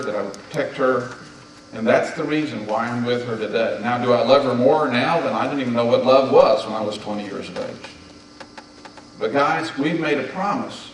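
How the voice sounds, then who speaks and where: A man in his seventies addresses a conference hall of husbands in a sermon-style talk, driving each point home with insistent commands. His voice reaches a distant mic through a very echoey hall, and faint hiss sits underneath. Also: mid-range voice. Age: 70s. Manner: emphatic, hammers points with repeated "do not" commands. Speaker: marriage conference speaker.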